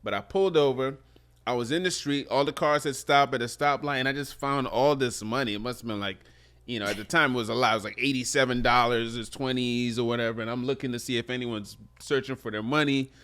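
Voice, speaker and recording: A man co-hosting a podcast, telling a story in a relaxed, conversational way with small laughs. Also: mid-range voice, fast, smooth. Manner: relaxed, conversational, chuckles and affirms with mm-hmm. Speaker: podcast co-host. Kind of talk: casual storytelling chat.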